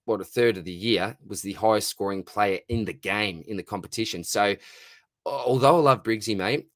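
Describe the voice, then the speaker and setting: A relaxed Australian man talking casually on a live stream, answering viewer questions one after another and calling everyone mate. His voice sits low, recorded close on a dry microphone with no room sound. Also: dry recording. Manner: laid-back, calls everyone mate, reads out viewer names and questions. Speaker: fantasy football livestream host.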